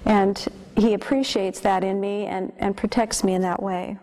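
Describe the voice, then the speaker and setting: A woman sharing a personal testimony about her marriage, slow, gentle and sincere. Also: mid-range voice, steady tone. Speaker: seminar speaker, wife.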